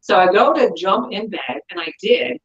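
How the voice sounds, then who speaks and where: A woman recounts a ghost story in a lively, chatty way, slipping into the voices of the people in it. The sound is roomy and echoey, and it is a little dull and muffled. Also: mid-range voice, moderate pace. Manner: animated, acts out dialogue in her story. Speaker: guest telling a ghost story. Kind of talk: casual storytelling.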